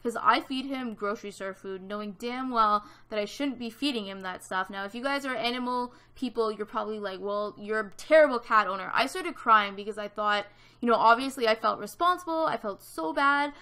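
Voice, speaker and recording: A woman's voice: fairly high pitch, a little fast, sharp tone, clear, resonant tone. A woman in her twenties from Canada, telling a story in casual chat over a gaming video, with lots of fillers. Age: 20s. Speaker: gaming vlogger.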